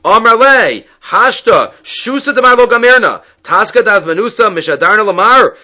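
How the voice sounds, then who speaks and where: A man teaching a Talmud lesson, telling the story in an animated way and acting out what the rabbis say to each other. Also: high voice, brisk, hardly any pauses.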